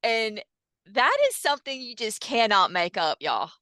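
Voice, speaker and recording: A woman with a bright, tense-edged voice tells stories in an animated, chatty way. Her tone is smooth and clear, full of fillers and acted-out quotes. The recording is close and dry. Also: fairly high pitch, a little slow, no echo. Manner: lively, filler-heavy retelling with quoted dialogue. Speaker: hypnosis practitioner guest. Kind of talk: animated storytelling in casual chat.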